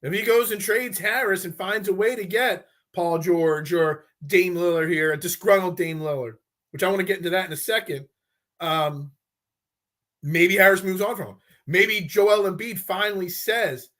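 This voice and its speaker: High, bright-voiced rambling sports host. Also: male voice, moderate pace. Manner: rambling, frustrated, stumbles and restarts often. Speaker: sports talk show host. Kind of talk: casual live-stream sports talk.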